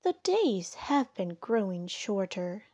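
Turtle, a woman doing a slow muttering turtle. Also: medium pitch, very animated, a little mellow, no echo, studio quality. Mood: plodding.

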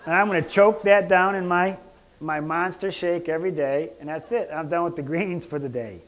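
A man giving a casual health lecture as a doctor, joking and rambling, clearing his throat often. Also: fairly high pitch, moderate pace, background noise.

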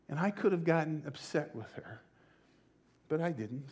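An older man and pastor, preaching a sermon with slow, emphatic phrasing that sometimes drops to a near-whisper. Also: on the high side, animated, a little mellow, breathy edge. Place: church.

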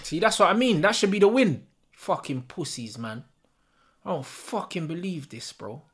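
A man's voice: on the high side, expressive, moderate pace, a bit bright, slightly rough. Furious swearing man. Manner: furious, swearing constantly, slangy. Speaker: football fan channel host. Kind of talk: live match reaction rant.

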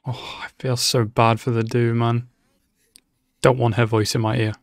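Guy doing a reaction vid, mid pitch, swears a lot, gets loud when stuff happens, dry close mic. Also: little pitch movement, normal speed, vocal fry, no echo. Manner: emotional, swears often, exclaims loudly at tense moments. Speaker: anime reaction channel host. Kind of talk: live reaction commentary.

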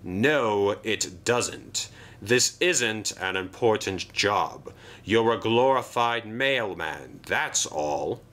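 Give me a man playing a surly storybook diesel engine. He sounds low and unhurried, and he sneers at everyone. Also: exaggerated voice. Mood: sneering. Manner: sneering, flat, slow.

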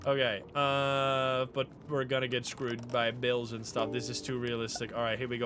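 A man streaming a video game live, commenting casually, swearing and getting excited, with game music playing behind. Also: normal speed, few pauses, slight background noise. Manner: excitable, swears, jumps high when excited.

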